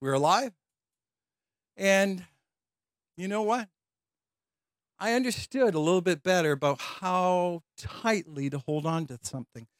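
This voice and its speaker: Animated high-voiced male preacher. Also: measured pace, long pauses, dry recording, clean studio sound. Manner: animated, laughing storyteller acting out voices. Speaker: pastor. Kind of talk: storytelling sermon.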